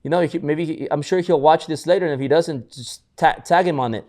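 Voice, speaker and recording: This man's voice sits fairly high and moves fairly fast as he co-hosts a podcast. Swapping stories in relaxed motivational conversation, he keeps restarting words and performs other people's lines with lively energy.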